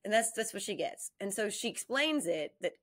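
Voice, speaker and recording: A middle-aged woman from New Jersey, a guest on a video call, telling rambling, animated stories with frequent laughter. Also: mid-range voice, normal speed. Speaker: guest, comedic video creator. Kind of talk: casual interview chat.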